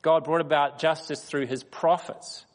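A man giving a sermon in a measured, emphatic way, pausing deliberately between phrases. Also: on the high side, steady tone. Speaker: guest speaker at a church. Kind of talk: sermon with personal stories. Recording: long reverb of a hall.

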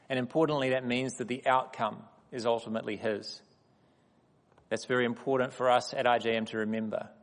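A man preaches with measured emphasis, letting each phrase land before the next. His voice sits at an ordinary middle pitch. The sound carries a long reverb from a large hall. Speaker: guest speaker at a church. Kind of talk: sermon with personal stories.

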